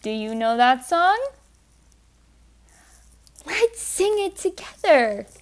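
Woman, young adult, story time leader, sing-song, bouncy lively pitch, high voice. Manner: sing-song, coaxing, sounds words out slowly. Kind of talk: teaching toddlers words.

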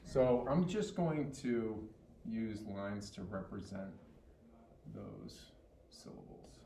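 A man's voice: lowish voice, animated, slow, warm tone, a little hiss or hum. A man tutoring one student in reading, patient and encouraging, praising each answer. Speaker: teacher. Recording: roomy with faint ambience.

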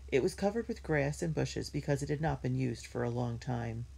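A woman reading a children's chapter book aloud in a measured, gentle way. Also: very deep voice, expressive, gravelly, husky. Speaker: reader.

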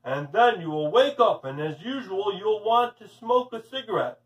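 A man voicing a calm, sly male psychiatrist who speaks slowly in a gentle but strong voice. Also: far from the mic, poor audio. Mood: hypnotic. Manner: low, slow, gentle and strong.

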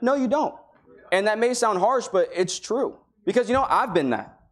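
A man preaching a sermon in a church, his voice a touch high for a man. He talks to the congregation in a loose, conversational way, slipping into the voices of the people he quotes. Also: expressive, moderate pace, a bit bright. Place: church sanctuary.

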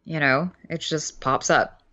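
A woman co-hosting a podcast, chatting casually about a film as an animated storyteller who acts out quotes. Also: low voice, a little slow, highs cut off. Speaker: podcast co-host.

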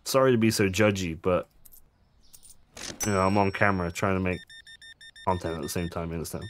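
A man's voice: low voice, fairly even intonation, fairly quick, pauses often, slight background noise. A man casually commenting on his gameplay, chatty and jokey, swearing now and then and making asides to his viewers. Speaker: gaming streamer.

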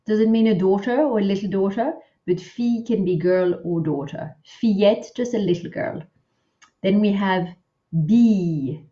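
A woman teaching French pronunciation speaks at an unhurried, deliberate pace in a low, mellow voice. She patiently models each word and repeats it, slipping in chatty asides between examples. The laptop recording sounds a little dull and lo-fi. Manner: patient, models words slowly and repeats them. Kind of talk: online pronunciation lesson.

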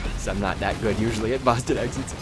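A man's voice: on the low side, quick pace. A man hosting casual gameplay commentary, telling stories animatedly and laughing often. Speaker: host. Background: game music.

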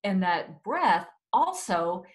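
A woman's voice: medium pitch, sing-song, takes it slowly, low-quality recording. A woman speaking as an expert guest in a webinar conversation, earnest and explanatory, sometimes correcting herself mid-sentence.

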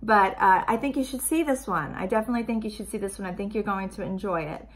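A woman's voice: medium pitch, fast talker. A woman talking casually in a trailer reaction vlog. She is chatty and emotional and rambles from point to point. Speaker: movie reviewer.

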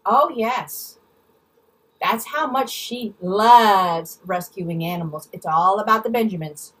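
Woman vlogger, angry storytime rant; husky voice, set back from the mic. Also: medium pitch, takes it slowly, fairly bright tone, distant mic, low-quality recording. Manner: angry, blunt, swears freely, mimics people in quotes. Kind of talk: ranting storytime vlog.

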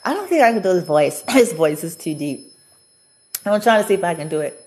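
A woman's voice: lowish voice, animated, fairly quick, a little mellow. A woman vlogger telling a personal story in a chatty, casual way, often laughing and acting out what people said.

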